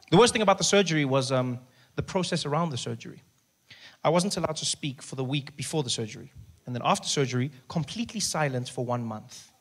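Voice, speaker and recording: A South African comedian spins a story on stage, his man's voice sitting a little high. He swings between lively, punchy delivery and a deliberately hushed murmur. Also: breathy edge. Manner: animated storytelling, switching to hushed voice. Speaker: stand-up comedian. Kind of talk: stand-up comedy.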